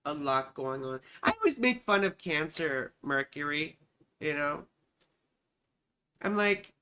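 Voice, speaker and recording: A woman's voice: on the low side, a little slow, a bit bright. A woman astrologer hosting a live chart-reading stream, talking in a rambling, profane, self-mocking way. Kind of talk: casual livestream chat.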